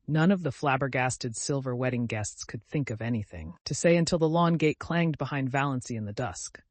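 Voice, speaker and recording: Steady male audiobook narrator, dry sound. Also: mid-range voice, normal speed, few pauses, dry recording. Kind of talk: scripted narration.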